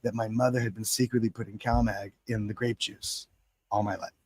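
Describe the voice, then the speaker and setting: A man's voice: fairly low pitch, little pitch movement, brisk, no room sound. Profane, rambling man chatting on a live show. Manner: profane, rambling, laughs often. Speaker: podcast co-host. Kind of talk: casual live chat.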